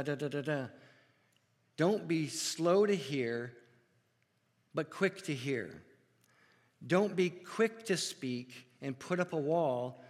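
A man preaching a sermon as pastor in a church, earnest and deliberate, asking his congregation rhetorical questions. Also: a little high, big-room sound.

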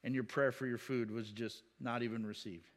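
A man's voice: medium pitch, fairly even intonation, moderate pace. A man, a pastor, teaching the Bible in a casual, conversational way, asking rhetorical questions and chuckling.

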